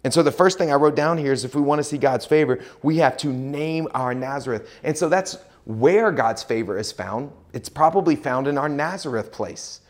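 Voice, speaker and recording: A man's voice: mid-range voice, moderate pace, few pauses. A male pastor preaching a sermon in a conversational way, acting out quoted voices with dramatic shifts.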